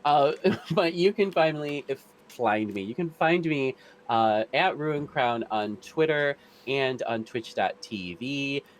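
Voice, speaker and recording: A streamer guest in a casual chat, telling stories in an animated, campy way. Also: male voice, medium pitch, slow pace.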